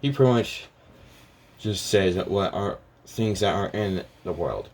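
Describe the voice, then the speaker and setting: A man's voice: sits low, animated, unhurried, darkish tone. A man casually talking through a story idea, hesitant and rambling, full of restarts and fillers.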